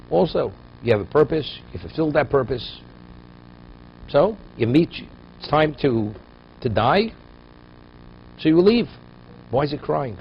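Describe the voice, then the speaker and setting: A man's voice: medium pitch, darkish tone, slight background noise. Guy giving a torah class, tells the story then gets emphatic, muffled lo-fi recording. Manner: storytelling, rising to emphatic peaks. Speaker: Torah teacher.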